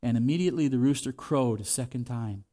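A man's voice: mid-range voice, brisk, warm tone. A man preaching a sermon in a conversational way, acting out the quoted voices as he goes. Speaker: pastor.

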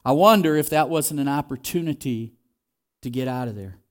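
A man's voice: medium pitch, normal speed. A man preaching a sermon in a conversational way, acting out the quoted voices as he goes. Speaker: pastor.

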